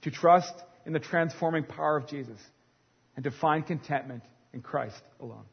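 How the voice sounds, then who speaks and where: A man in his forties preaching a sermon as pastor, with a dynamic delivery that swings from hushed to loud. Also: a little high, normal speed, vocal fry, breathy edge. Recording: long hall reverb, dull sound.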